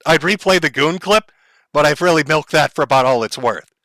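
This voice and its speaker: A man's voice: fairly high pitch, brisk, pushed and bright, no echo. A man commenting on a clip for his stream chat in a blunt, profane, lecturing way.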